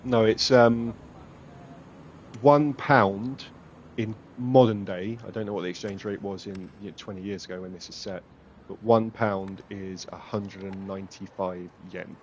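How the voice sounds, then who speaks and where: A man's voice: lowish voice, steady tone, a little slow, a little hiss or hum. A man giving casual, self-mocking, sarcastic commentary while streaming a game.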